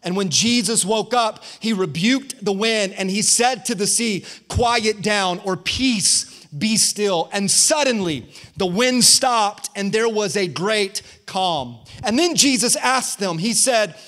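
High-pitched guy preaching hard at a church, lots of come on nows. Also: takes it slowly, a bit bright. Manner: fervent preaching with call-outs to the congregation. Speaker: guest pastor. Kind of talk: energetic online sermon.

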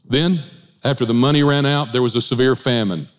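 A man preaching as a pastor, animated, with changing pace, asides and humor. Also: mid-range voice, a little fast. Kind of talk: sermon.

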